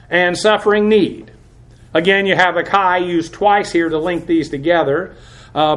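A middle-aged man leads an evening Bible study, speaking a touch higher than most men. He works methodically through Greek terms, spelling them out letter by letter and pausing often with small fillers. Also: a bit bright. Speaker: Bible teacher. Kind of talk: verse-by-verse Greek word study.

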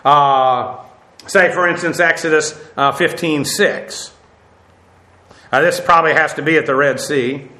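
A man's voice: a little high, measured pace, bright, forceful tone, echoey room. A man teaching a Bible class, lecturing with many fillers and correcting himself as he goes.

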